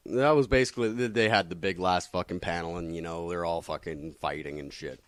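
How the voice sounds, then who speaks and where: A man's voice: low-pitched, no room sound. A man casually recapping comics, rambling and swearing constantly with lots of fillers. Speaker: comic book vlogger.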